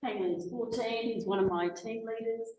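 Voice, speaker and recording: A woman's voice: fairly high pitch, fairly even intonation, a little fast, mellow, slight background noise. A middle-aged woman giving a passionate, emphatic public talk as a guest speaker in a meeting hall. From Australia. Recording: echoey hall recording.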